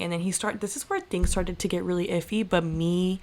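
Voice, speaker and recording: A young woman co-hosting a podcast, telling a story in a casual, animated way and acting out the voices in it. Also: lowish voice, fairly quick. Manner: animated, lots of "like" fillers, acts out quoted voices. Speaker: podcast co-host.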